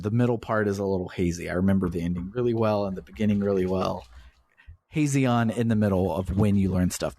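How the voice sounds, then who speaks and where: A man's voice: fairly low pitch, a little mellow, dry recording. A man hosting a podcast, casually retelling a video game's story and swearing freely as he goes. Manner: swears casually while recounting the plot. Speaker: podcast host.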